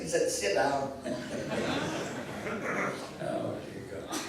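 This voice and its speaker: An older man telling theatrical, animated anecdotes as a convention guest, recorded from far off in an echoey hall. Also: medium pitch, a little slow, gravelly, a little hiss or hum. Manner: theatrical, animated storyteller with laughs. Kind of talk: anecdotal storytelling.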